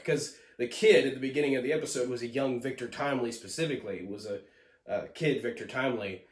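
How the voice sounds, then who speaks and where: Guy rambling thru a show review, trips over his words, echoey room. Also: medium pitch. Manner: rambling, frequent restarts, animated. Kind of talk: casual video review.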